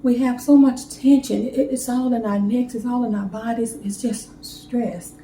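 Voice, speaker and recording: Woman, cooking vlogger with a mellow tone, chats heart-to-heart in a roomy kitchen. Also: fairly high pitch, fairly even intonation, moderate pace, slight background noise. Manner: chatty, heartfelt, talks straight to viewers. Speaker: home baking vlogger. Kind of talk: casual cooking demo chat. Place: home kitchen.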